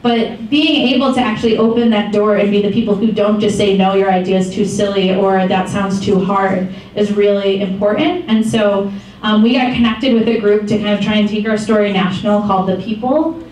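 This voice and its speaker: A woman in her twenties from Michigan, giving a casual talk to a group as founder of a campaign, telling stories in a chatty, animated way with many ums and small laughs. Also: mid-range voice, brisk. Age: 20s. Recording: echoey far-off room mic with faint noise.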